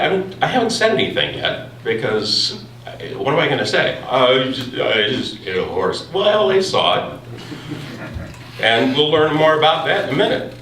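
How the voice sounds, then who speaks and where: A man telling a true personal story live and without a script, halting over his words with a wry tone. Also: on the high side, pushed and bright, far from the mic. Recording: roomy live room from afar, faint ambience.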